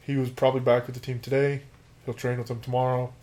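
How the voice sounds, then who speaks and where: An American man co-hosting a laid-back soccer podcast. His delivery is dry and teasing, and he laughs easily as he argues predictions and corrects his partner. His voice sits in an ordinary middle pitch. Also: level tone, fast, darkish tone. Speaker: podcast co-host. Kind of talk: casual sports podcast chat.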